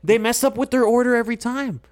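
High-voiced, excitable male co-host. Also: quick pace. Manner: excitable, emphatic, calls people bro. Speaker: podcast co-host. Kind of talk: casual chat.

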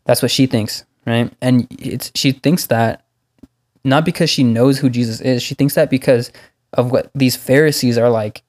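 This man's voice sits in the middle range and moves at a normal speed. He's chatting casually about faith, easygoing in manner and leaning heavily on the filler word "like."

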